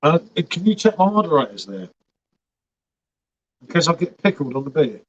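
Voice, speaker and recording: A man's voice: on the high side, sing-song, normal speed, muffled recording. A slightly tipsy man hosting a casual beer-sampling livestream, matey and rambling, calling everyone "mate". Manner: matey, repeats himself, says "mate" a lot. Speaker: livestream host. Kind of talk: casual chat.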